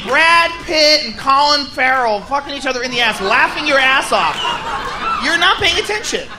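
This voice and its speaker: A man doing a stand-up comedy set on a club stage, telling profane, animated stories with sudden shouts. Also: very high-pitched. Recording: roomy, distant, noisy live recording. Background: loud audience laughter.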